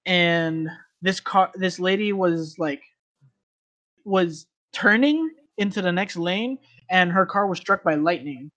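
A man's voice: sits high, animated, slow, pushed and bright. A man telling a long story in casual podcast chat, rambling with lots of fillers and restarts.

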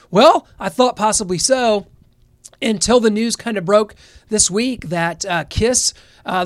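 A man's voice: high-pitched, no room sound, clean studio sound. A man from the American Midwest hosting a rock podcast in a chatty, upbeat, rambling way. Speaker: podcast host. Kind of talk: casual chat.

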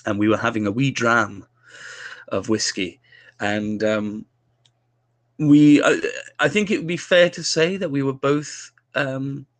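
A man's voice: medium pitch, steady tone, unhurried, no room sound. A young man hosting a casual interview, telling jovial, self-deprecating anecdotes. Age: young adult. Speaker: podcast host.

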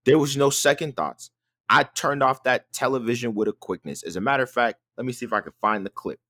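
A man's voice: mid-range voice, brisk, dry recording, clean studio sound. Exasperated man ranting on a podcast. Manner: animated, exasperated ranting with many restarts. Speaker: podcast co-host. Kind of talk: casual chat.

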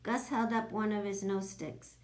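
A woman narrating a children's audiobook in a lively, expressive way. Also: medium pitch, a little slow.

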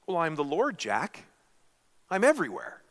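A pastor voicing God as a relaxed, gently firm male voice calling down to a man on a cliff. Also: fairly high pitch, normal speed. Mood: calm. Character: calm, patient male God speaking from above.

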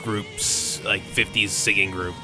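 A man's voice: lowish voice, fairly even intonation, takes it slowly, over music. A man chatting casually, rambling with frequent restarts and fillers. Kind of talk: casual chat.

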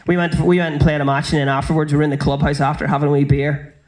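A young man with a Northern Irish accent, telling a stand-up story in a brisk, sweary, conversational way. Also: fairly high pitch, level tone, a little mellow. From South Armagh, Northern Ireland. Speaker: stand-up comedian.

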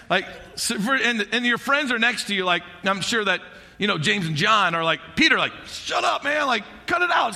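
A man who is a pastor, preaching a sermon in an animated, storytelling way, often dropping in "like" and "right?". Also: high voice, vocal fry.

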